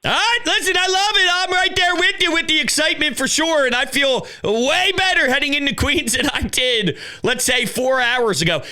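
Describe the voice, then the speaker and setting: A young man hosting a sports call-in show, animated and shouting as he acts out quotes. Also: very high-pitched. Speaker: show host. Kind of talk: excitable sports call-in chat.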